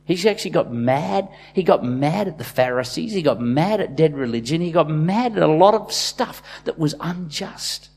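Impassioned pastor, husky voice. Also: male voice, fairly high pitch, expressive, moderate pace, few pauses. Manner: impassioned, swinging from loud bursts to quiet asides. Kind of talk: sermon.

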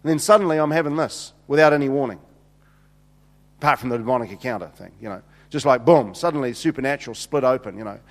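A middle-aged man preaching and telling a story in an animated way, repeating words and acting out the dialogue. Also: mid-range voice, quick pace. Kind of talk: sermon storytelling. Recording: long hall reverb.

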